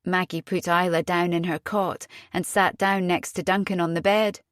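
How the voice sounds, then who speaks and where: A woman narrating a thriller audiobook in a steady, measured reading. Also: lowish voice, no echo, studio quality. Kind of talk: scripted narration.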